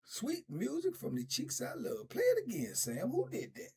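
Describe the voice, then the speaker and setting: A man's voice: very high voice, huge pitch swings, creaky, noisy background, pitched above the performer's own voice, full character voice. A man putting on a creepy old inmate. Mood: leering. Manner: sly, drawn-out, lecherous teasing. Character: leering old male inmate, creepy and crude.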